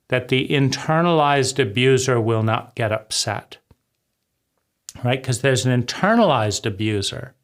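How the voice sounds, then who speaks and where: A video essayist, a man with a somewhat bright mid-range voice, delivers a raw, intense personal monologue. He swears now and then and tends to tack "right?" onto the end of his points.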